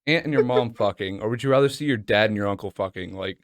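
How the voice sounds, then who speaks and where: A man's voice: on the low side, fast talker, no echo. A man co-hosting a casual podcast, talking bluntly and swearing freely. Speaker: podcast co-host. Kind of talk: casual chat.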